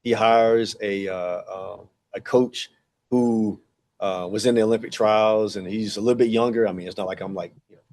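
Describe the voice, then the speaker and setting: Rambling low-voiced man telling a story. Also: fairly even intonation, normal speed, darkish tone, slight background noise. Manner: rambling, many fillers, acts out dialogue. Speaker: podcast guest, track and field director. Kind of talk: casual storytelling interview.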